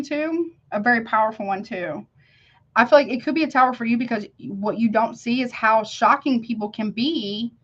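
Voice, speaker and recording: A woman gives a casual tarot reading in a slightly high voice, talking emphatically with plenty of slang. She keeps checking in with the listener as she goes. The recording sounds a little dull and lo-fi. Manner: emphatic, slangy, keeps asking "you see what I'm saying?". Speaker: tarot reader.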